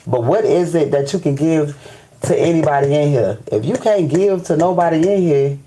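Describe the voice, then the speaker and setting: Guy ranting on his live, mellow voice, swears a lot, keeps saying you know what I'm saying, faint hiss behind. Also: a little high, animated, normal speed, low-quality recording. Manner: restarts and stammers when fired up. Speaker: spiritual live-stream host. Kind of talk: casual live-stream rant.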